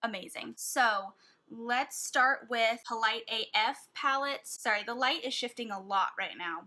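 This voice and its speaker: Bright-voiced, gushing woman beauty vlogger. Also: on the high side. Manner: gushing, excitable, breathy gasps. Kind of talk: casual makeup swatching vlog.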